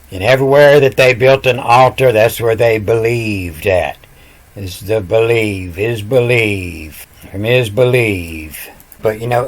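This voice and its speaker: Man in his fifties, rambling language lecture. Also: medium pitch. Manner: spells out words letter by letter, meandering. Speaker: self-taught ancient language teacher.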